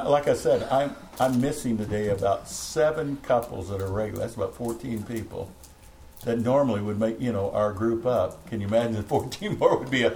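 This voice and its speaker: A man's voice: mid-range voice, darkish tone, a little hiss or hum, low-quality recording. A middle-aged man preaching a fervent, rambling sermon to a small home church, breaking into laughs. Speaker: pastor. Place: home meeting room.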